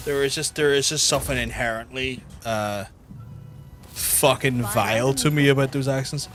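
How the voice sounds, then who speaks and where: Chatty, sweary Irish streamer. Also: male voice, medium pitch, normal speed, a loud crowd. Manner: chatty, blunt and sweary, with many restarts and 'like'. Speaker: gaming streamer. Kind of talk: casual livestream chat while gaming. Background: game music.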